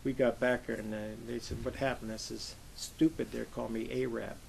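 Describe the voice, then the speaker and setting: Gravelly older man telling war stories. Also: medium pitch, fairly quick, a little hiss or hum, rough recording. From Pennsylvania, USA. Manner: lively anecdotal storyteller, acts out quoted voices. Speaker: Navy veteran interviewee. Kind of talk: oral history storytelling.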